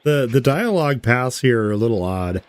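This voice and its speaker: A man hosting a gameplay video, offering mild, critical asides as he plays. His pitch sits in an ordinary middle range, and the recording is close and dry. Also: big pitch swings, normal speed, dry recording. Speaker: let's play host. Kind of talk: gameplay commentary.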